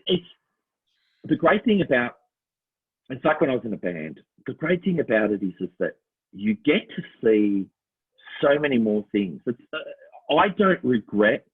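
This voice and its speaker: A middle-aged Australian man co-hosts a casual podcast chat over a tinny phone line, his voice lowish, breathy at the edges and moderately paced. He's an animated storyteller who laughs a lot and keeps slipping into little voices.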